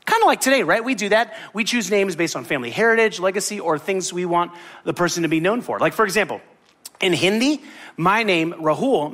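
A man delivers a sermon with a lively, swooping delivery that sits a little high. He tells stories with humor and acts out quotes in different voices. His manner is warm in pacing and animated throughout. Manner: animated, jokey storytelling with acted-out quotes. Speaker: pastor.

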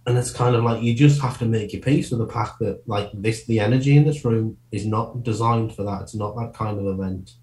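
Fast-rambling comedian in an echoey room. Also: male voice, fairly low pitch, darkish tone. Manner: quick, rambling, self-interrupting with many restarts. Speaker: comedian guest. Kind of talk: casual podcast interview.

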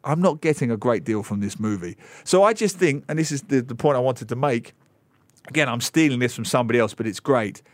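A man in his forties, a radio guest, talks films in a casual, animated and sarcastic way with mocking asides, on a studio microphone. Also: mid-range voice, fairly quick, no echo. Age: 40s. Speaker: radio guest and film commentator.

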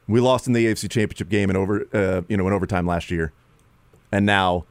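A man hosting sports talk radio, rambling and animated, who sometimes mimics players in a raised voice. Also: low-pitched, quick pace, no echo.

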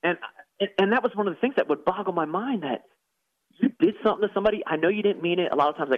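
A man's voice: high-pitched, expressive, racing, no room sound. Earnest man telling his story down a phone line. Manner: earnest, preacherly, repeats words when moved. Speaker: guest, former professional soccer player and pastor. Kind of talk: emotional personal testimony. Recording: tinny phone-line sound.

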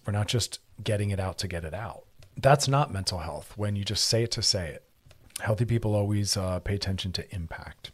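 A man with a husky, slightly low voice hosts an advice talk show. He teaches in an earnest, emphatic way and circles back to his key phrases for weight. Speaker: show host giving relationship advice.

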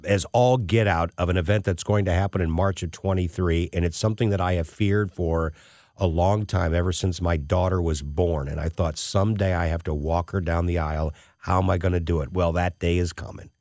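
A man's voice: low voice, steady tone, fairly quick, darkish tone, no echo, studio quality. A middle-aged man hosting a show, telling a personal story in an emotional, tearful way. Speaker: host.

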